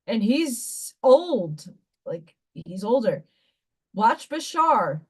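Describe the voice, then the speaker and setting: Woman, fairly high voice, casual livestream chat, rambling, blunt, occasional swearing. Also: very animated, drawn-out words, husky. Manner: reads card messages aloud between chat. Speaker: livestream host reading oracle cards.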